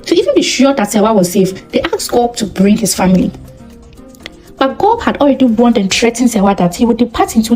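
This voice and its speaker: A woman telling a folktale as a channel's storyteller, in expressive scripted narration. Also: fairly high pitch, low-quality recording. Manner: expressive, moralizing at the end.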